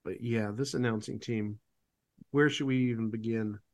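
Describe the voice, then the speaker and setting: A man's voice: fairly low pitch, steady tone, normal speed, darkish tone. A man co-hosting a podcast in casual chat, opinionated and given to sarcastic asides. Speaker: podcast co-host.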